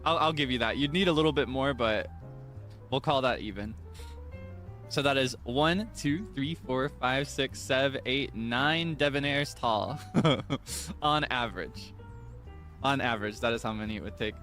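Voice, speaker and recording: A young man chats casually on stream, rambling and correcting himself as he goes, with an easy chuckle now and then. His voice sits at an ordinary middle pitch. Faint music plays behind him. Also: moderate pace, a bit bright.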